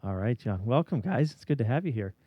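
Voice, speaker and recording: A man's voice: mid-range voice, lively intonation, no echo, highs cut off. A man guest-hosting a local radio music show, upbeat and encouraging as he interviews a band in the studio. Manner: upbeat, encouraging, quick to affirm. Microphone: studio microphone.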